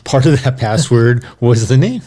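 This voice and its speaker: A man's voice: medium pitch, expressive, normal speed, dark tone. A man co-hosting a podcast, chatting casually and joking with his friend. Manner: joking, laughs easily. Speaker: podcast co-host. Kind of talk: casual chat.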